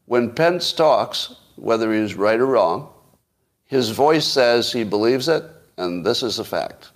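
A man's voice: mid-range voice, lively intonation, slow pace. A man hosting a solo podcast, giving casual, opinionated political commentary with frequent restarts. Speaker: podcast host.

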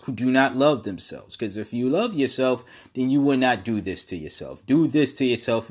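A man speaks in a somewhat low voice at an unhurried, deliberate pace. He gives casual opinion commentary on his own, stumbling and repeating words before pressing each point with emphasis.

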